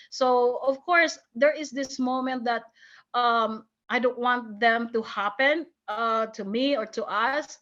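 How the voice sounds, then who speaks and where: A woman telling her team about her experience on a video call, excited and hesitant, with many fillers and restarts. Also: fairly high pitch, a little slow, dull audio. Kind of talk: casual chat on a video call.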